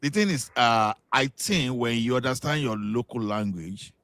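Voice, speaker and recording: A Nigerian man in a casual panel chat, telling lively stories and restarting his sentences as he goes. His voice sits at an everyday middle pitch. The sound is dry and close. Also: normal speed, dry recording. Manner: animated storytelling with repeated restarts.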